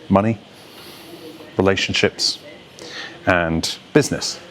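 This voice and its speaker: A man from England working as a voice coach, explaining things clearly and steadily in a video lesson. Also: deep voice. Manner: articulate, steady, explaining with examples.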